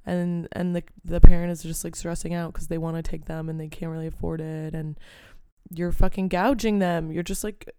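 A woman's voice: fairly low pitch, level tone, moderate pace, dark tone, clean tone, no room sound, clean studio sound. A young woman hosting a casual solo podcast, rambling and ranting with plenty of swearing and filler words. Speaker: podcast host.

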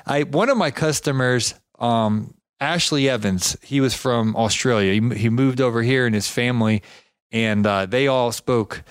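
Chatty podcast host, dry sound. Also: male voice, mid-range voice, moderate pace, clear, resonant tone, dry recording. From Georgia, United States. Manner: chatty, self-deprecating, frequent restarts. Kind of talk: casual interview chat.

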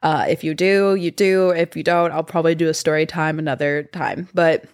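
Young woman podcast host, casual storyteller, rambling and chatty, lower voice, dead-dry room. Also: steady tone, normal speed, dry recording. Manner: chatty, heavy use of "like".

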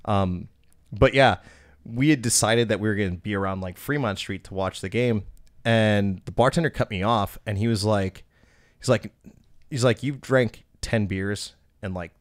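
Young male podcast host from Wisconsin, slightly low voice, loose rambling anecdotes, curses freely. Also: normal speed. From Milwaukee, Wisconsin. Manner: rambling, animated anecdotes with voiced quotes and profanity. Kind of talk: casual storytelling chat.

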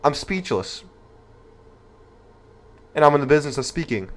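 A man's voice: a little high, very animated, moderate pace. A young man hosting an opinion commentary show, reading news aloud and reacting with rhetorical, indignant outrage.

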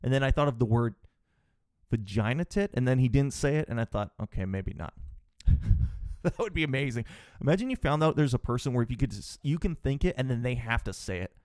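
A man's voice: mid-range voice, lively intonation, brisk, darkish tone, no room sound, clean studio sound. Exasperated man telling a rambling story. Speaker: podcast host. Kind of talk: casual storytelling monologue.

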